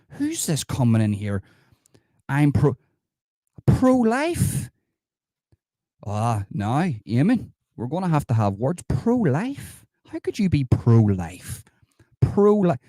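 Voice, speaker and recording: A man's voice: mid-range voice, very animated, normal speed, hardly any pauses, mellow, no echo, clean studio sound. A man doing a sarcastic impression of a smug, mock-outraged politician, mocking comments in a live stream. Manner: sarcastic, mocking, reads comments and scoffs at them.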